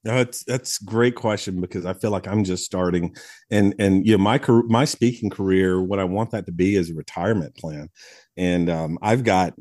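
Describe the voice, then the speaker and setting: A man in his forties, a guest on a podcast, telling stories in a casual, animated way with frequent restarts and easy laughter. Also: sits low, moderate pace, no room sound, studio quality. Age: 40s. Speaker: podcast guest, public speaker. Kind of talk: casual storytelling conversation. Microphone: podcast studio microphone.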